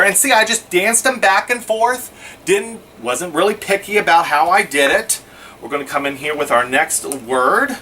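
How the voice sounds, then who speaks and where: Brief: man, fairly high and bright voice, casual craft tutor, mic set back a little with faint hiss. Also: recorded from a distance. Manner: chatty, narrates each step as he works. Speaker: scrapbooking instructor. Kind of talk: casual how-to demonstration.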